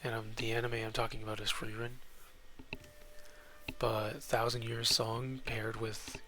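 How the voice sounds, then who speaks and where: A young man talks through a video game at his desk mic in a bright, clear voice. He rambles and second-guesses himself, and drops into quiet muttered asides, with faint game sounds behind him. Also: mid-range voice, flat delivery, a little slow, slight background noise. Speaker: gaming YouTuber. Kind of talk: casual let's-play commentary.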